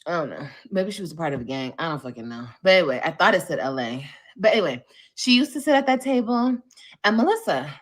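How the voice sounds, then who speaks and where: A woman's voice: lowish voice, quick pace. A woman hosting a livestream podcast, telling a story casually, with plenty of profanity, and acting out the things other people said. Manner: animated, profane, acts out quotes.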